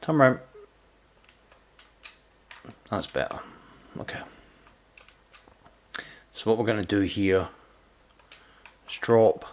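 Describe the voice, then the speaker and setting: Speaking slowly and expressively in a lowish voice, a gaming streamer chats casually during live play. He ribs his viewers and stumbles over repeated words.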